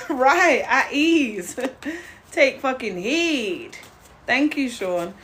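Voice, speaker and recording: A woman's voice: sits high, expressive, very slow, fairly bright tone, slight background noise. A young woman hosting a casual live stream as a tarot reader, greeting viewers by name, laughing often and talking bluntly.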